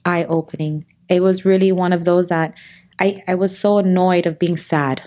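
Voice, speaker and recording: Earnest, slightly low-voiced woman. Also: steady tone, normal speed, warm tone. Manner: earnest and open, often restarting her sentences. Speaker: guest. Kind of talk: heartfelt podcast conversation.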